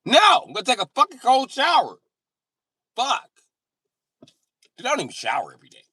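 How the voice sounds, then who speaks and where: A man voicing a defensive, loud white guy who whines and yells in a high voice. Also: big pitch swings, normal speed, breathy edge, no echo, studio quality, distant mic, heavily acted. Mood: whiny.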